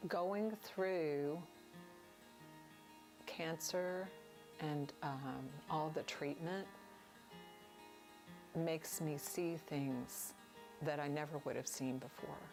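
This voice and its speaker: A woman telling her story as a cancer survivor in a gentle, heartfelt, reflective way. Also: low voice, very slow, pauses often. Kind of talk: reflective testimonial. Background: soft guitar music.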